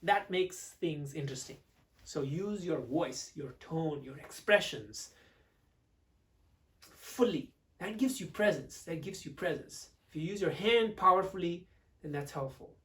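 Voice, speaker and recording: A man teaching public speaking to camera, expressive, swinging between loud and hushed delivery. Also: on the high side, a little slow, recorded from a distance.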